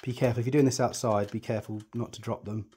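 Here a male tutorial host speaks very fast in a dark, husky medium-pitched voice with fairly even intonation. He explains telescope setup hands-on as he works, staying chatty and reassuring and frequently thinking out loud.

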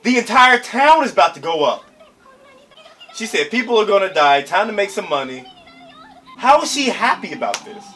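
A young man hosting an anime reaction, chatting casually in slang and breaking into excited shouts. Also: sits high, moderate pace, pauses often, slightly rough.

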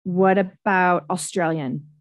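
A woman co-hosting a casual chat show, making her guesses aloud in an unhurried, thinking-out-loud way. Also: fairly low pitch, fairly even intonation. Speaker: co-host.

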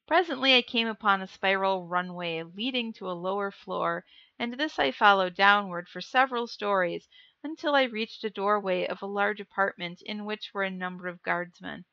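A woman reads a classic adventure novel aloud, giving each line of dialogue its own expression. Her voice is bright and forward. The recording is close and dry, with a slightly dull, muffled tone. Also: medium pitch, no room sound. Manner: reads dialogue expressively, joking asides between passages. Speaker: reader of a novel. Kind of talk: live-streamed audiobook reading.

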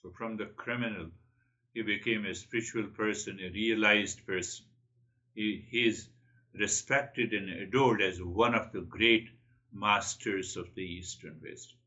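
A man's voice: fairly low pitch, unhurried, pushed and bright, dull audio. A man giving a spiritual talk, earnest and repeating his key phrases. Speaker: spiritual teacher.

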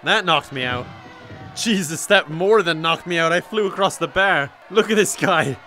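Excitable Irish gaming commentator. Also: male voice, a little high. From Ireland. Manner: excitable, joking, often laughing and yelling. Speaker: gaming YouTuber. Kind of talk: gameplay commentary.

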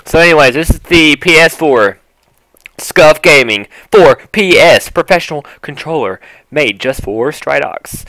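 A young man with a Southern country accent, gushing over a controller unboxing, flipping between hushed awe and loud excitement. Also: a little high, measured pace, no room sound, low-quality recording. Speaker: YouTuber.

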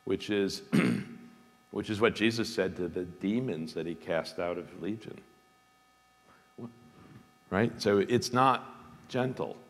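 A man giving an informal talk as a guest speaker, thoughtful and emphatic, pausing with fillers and restarting his phrases. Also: sits low. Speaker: guest speaker, seminary dean. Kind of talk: informal lecture with questions. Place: large hall. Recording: hall with long reverb.

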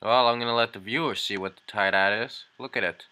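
Male host, bright tone, playful casual banter. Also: on the low side. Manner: playful, teasing, quick asides. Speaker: channel host. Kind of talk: casual joking chat.

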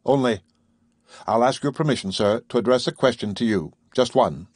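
A man's voice: medium pitch, normal speed, a little mellow, no echo, clean studio sound, close to an everyday voice. A man voicing an earnest male professor held captive aboard a ship, speaking politely and formally in an audiobook reading.

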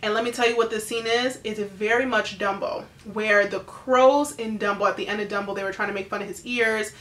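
A woman's voice: mid-range voice, echoey room. A woman casually recapping a movie she just watched, chatty and full of fillers, briefly acting out the characters. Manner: animated, acts out characters in quick impressions. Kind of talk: casual chat.

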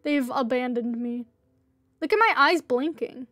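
A woman's voice: high-pitched, a little slow, fairly bright tone, dry recording, faint music behind. A woman livestreaming a game, chatting casually and playfully pleading with other players. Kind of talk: casual gameplay livestream chat.

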